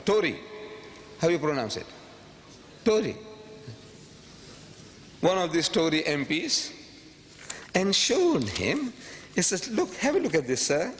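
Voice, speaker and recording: Addressing an audience in a public lecture, a male speaker leans on rhetoric and repetition, moving between hushed asides and abrupt high-pitched bursts. Long hall reverb and a faint background noise are present.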